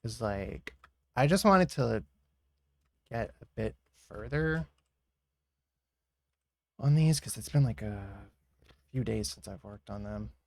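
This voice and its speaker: A man's voice: fairly low pitch, slow, creaky, pauses often, dry recording. Laid-back man chatting on a drawing stream. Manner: relaxed, rambling, giggly. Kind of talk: casual chat while drawing on stream.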